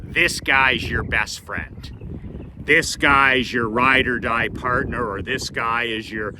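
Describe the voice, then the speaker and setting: A man's voice: medium pitch, slow, noisy background, natural voice. A man voicing his stern father, an older man who bluntly scolds his son. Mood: stern lecturing. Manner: blunt, lecturing, emphatic.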